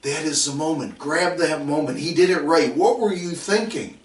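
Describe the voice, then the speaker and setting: A man's voice: on the high side, moderate pace. A middle-aged man giving a coaching lecture, emphatic and repetitive, telling stories and acting out his players. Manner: emphatic, repeats drill calls, acts out players. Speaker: football coach. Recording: roomy sound from a distant mic.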